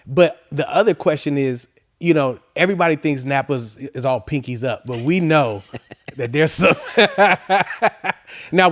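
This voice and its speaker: Host guy asking questions, lotsa yeahs and mm-hmms, a bit high pitched. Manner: encouraging with frequent affirmations. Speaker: podcast host. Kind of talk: casual interview chat.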